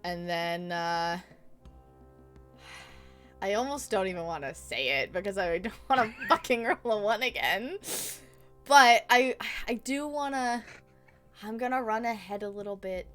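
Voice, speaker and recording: A woman's voice: mid-range voice, measured pace, a bit bright, faint music behind. A woman playing a tabletop game, chatting casually, swearing freely, laughing often and thinking aloud.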